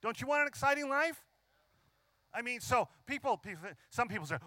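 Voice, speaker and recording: A man preaching a sermon, emphatic, drawing out key phrases slowly and asking the congregation frequent questions. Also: very high-pitched, expressive, pushed and bright, dry recording.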